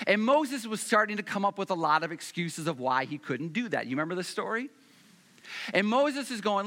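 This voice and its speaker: Animated high-voiced male pastor preaching. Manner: repeats phrases for emphasis, slows down and gets louder on key points. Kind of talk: sermon.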